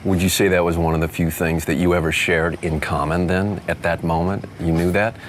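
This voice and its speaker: A man's voice: deep voice, flat delivery, brisk, a little hiss or hum. A man interviewing in a mock-serious documentary style, earnest and probing.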